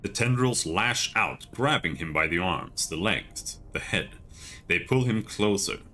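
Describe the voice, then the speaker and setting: A man streaming a video game, reading its text aloud in a steady, measured way with casual asides. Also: sits low, soft background music.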